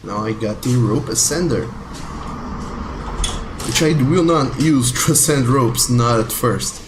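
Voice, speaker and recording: Slow-talking excitable male game streamer. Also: mid-range voice, noisy background. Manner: excitable, swears at the game, chats with viewers. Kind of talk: live gameplay commentary.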